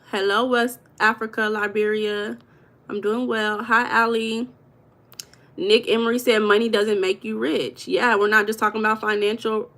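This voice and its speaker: In a mid-range, slightly bright voice, a woman chats casually on her live stream. She warmly reads viewer comments aloud and addresses people as baby.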